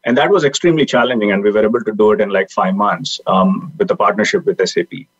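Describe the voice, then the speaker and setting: A man's voice: fairly low pitch, fast, slightly rough. A man speaking earnestly as a podcast guest over a video call, with frequent fillers. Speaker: guest, technology leader. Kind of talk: casual interview talk. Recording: dull lo-fi video call audio.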